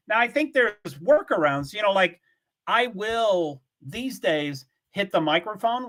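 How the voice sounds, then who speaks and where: High, lively older man rambling. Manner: meandering, full of fillers, chuckling often. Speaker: livestream host. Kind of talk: rambling casual chat to viewers. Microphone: streaming setup, from home.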